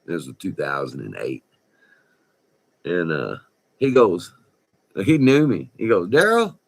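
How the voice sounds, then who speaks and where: A man, telling a rambling, profane story in a folksy, animated way. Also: deep voice, takes it slowly, creaky, breathy edge. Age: 60s. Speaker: vlogger. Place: indoors by a window.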